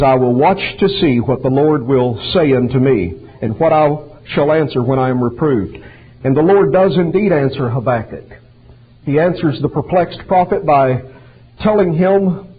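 Husky male preacher, tinny recording. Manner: earnest, quotes scripture in old-fashioned wording, rising in pitch on quotes. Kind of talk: sermon. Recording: muffled phone-like recording.

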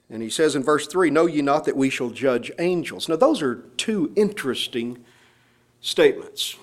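A man's voice: fairly high pitch, lively intonation, normal speed. A man preaching a sermon, explaining and quoting scripture passages with emphasis. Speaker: pastor.

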